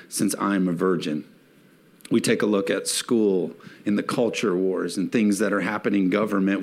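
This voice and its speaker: Man preaching an emphatic sermon. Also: fairly low pitch. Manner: rising to emphatic peaks, asking the congregation for response. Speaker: pastor.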